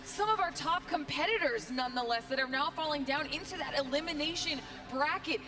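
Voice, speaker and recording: Woman esports analyst, high voice, chatty breakdown, sounds a bit far from the mic. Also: fairly quick, over music. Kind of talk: esports tournament commentary.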